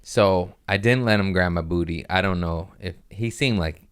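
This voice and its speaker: A man hosting a podcast, telling casual stories in a profane, animated way and jumping into high-pitched voices when he quotes people. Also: normal speed, smooth. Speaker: podcast host and comedian. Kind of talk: casual storytelling chat.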